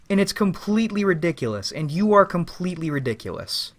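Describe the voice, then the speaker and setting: A man's voice: high-pitched, big pitch swings, a little fast, hardly any pauses. A man giving a rambling, philosophical spoken monologue as a vlogger, with casual profanity.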